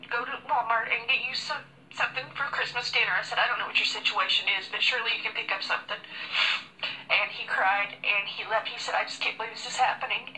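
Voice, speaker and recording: A woman's voice: fairly high pitch, sharp tone, a little hiss or hum, low-quality recording. A woman earnestly recounting a personal story and quoting each exchange with "I said" and "he said". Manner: earnest, quoting dialogue with frequent "I said". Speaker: store worker telling a story.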